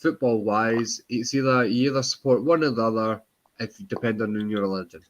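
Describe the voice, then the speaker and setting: A Scottish man in a casual group chat, giving quick, wry asides. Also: lowish voice, lo-fi sound. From Scotland.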